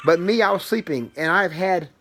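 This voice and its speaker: A man's voice: high voice, moderate pace, fairly bright tone, soft background music. A man voicing a big, grumpy bear who complains about being woken, reading a picture book aloud. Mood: aggrieved.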